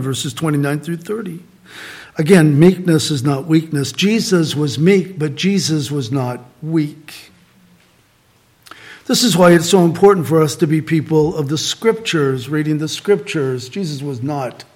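A man from Southern California with a slightly high-pitched voice delivers a sermon in a relaxed, conversational way. He keeps returning to a short refrain and asks his listeners rhetorical questions. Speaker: pastor.

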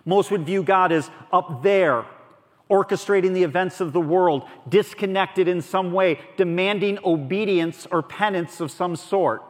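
A man's voice: sits high, unhurried. Earnest preacher man in a reverberant hall. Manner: earnest, conversational preaching that swings between soft and emphatic. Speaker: pastor. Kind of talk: sermon. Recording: long reverb of a large hall.

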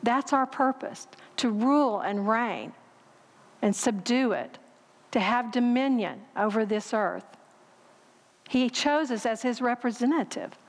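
A woman preaching a sermon, speaking conversationally and turning questions to the congregation. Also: a little high. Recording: long hall reverb.

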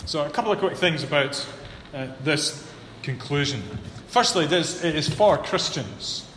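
A man preaching a sermon, building to emphatic peaks and then dropping low and earnest. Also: expressive, normal speed. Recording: echoey hall with long reverb, faint room hum.

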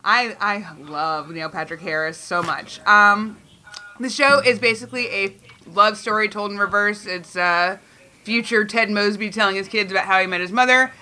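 A woman's voice: mid-range voice, moderate pace, sharp tone, slight background noise. A woman hosting a podcast in casual chat, joking, laughing often and swearing freely. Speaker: podcast host.

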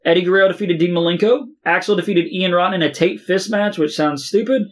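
High-voiced male co-host, halting reader, casual and profane. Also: steady tone. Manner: reads results in a halting way with many uh fillers and swearing. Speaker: podcast co-host reading match results. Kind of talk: casual podcast chat.

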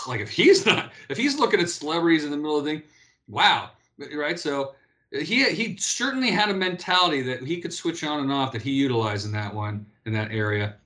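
Animated man in his fifties, higher voice. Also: brisk. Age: 50s. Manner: animated storyteller, repeats and restarts often. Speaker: interview guest, former pro athlete. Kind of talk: casual interview talk.

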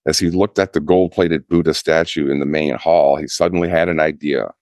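A Zen priest giving a dharma talk, telling a teaching story in a slow, measured way with pauses. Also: male voice, very deep voice, a little mellow, no room sound, clean studio sound.

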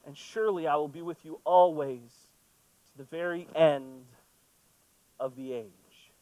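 A man's voice: on the high side, measured pace, dark tone, dry recording, rough recording. A man preaching a sermon, reading scripture and then talking through it in a conversational way with playful asides. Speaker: pastor.

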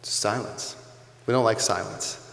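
A man's voice: medium pitch, moderate pace. A male pastor giving a sermon in a conversational, emphatic way, repeating key phrases for weight. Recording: echoey church hall with long reverb.

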